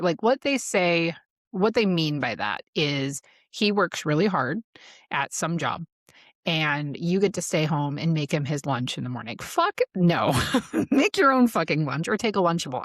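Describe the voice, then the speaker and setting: A woman's voice: on the low side, lively intonation, normal speed, no echo, clean studio sound. A woman in her thirties hosting a podcast, telling her own story in candid casual chat, laughing often and swearing freely. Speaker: podcast host.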